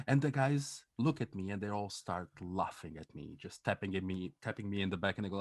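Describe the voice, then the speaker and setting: A man co-hosting a podcast, telling a story in a casual, animated way, swearing and laughing as he goes. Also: sits low, moderate pace, dry recording. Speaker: podcast co-host.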